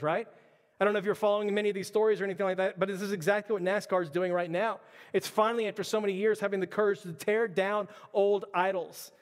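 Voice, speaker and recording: A man's voice: high voice, big-room sound. A man preaching a sermon as pastor, emphatic and repetitive, with stammered restarts.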